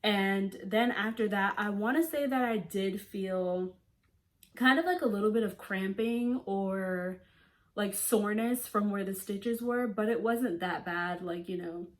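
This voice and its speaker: Unhurried and mid-range in pitch, this young woman's voice carries a storytime vlog. She recounts something that happened to her in a loose, talkative way, leaning on "like" constantly and acting out quotes with energy.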